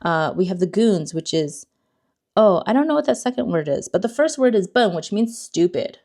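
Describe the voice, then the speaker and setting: A woman's voice: mid-range voice, expressive, moderate pace, darkish tone. A young woman hosting a casual card-opening vlog, chatty and self-deprecating, often unsure of words. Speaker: card-opening channel host.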